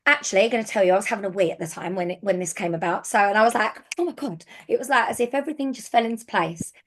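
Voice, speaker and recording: A woman giving casual business coaching as a sales team leader, chatty and excitable with frequent restarts. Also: mid-range voice, very fast, slight background noise.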